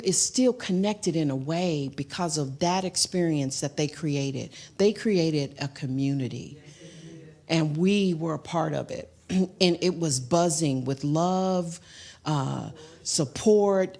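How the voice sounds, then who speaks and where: Slow, low-voiced woman sharing testimony. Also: a little mellow. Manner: slow, halting, heartfelt, many fillers. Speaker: guest speaker and singer. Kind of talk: personal spiritual testimony.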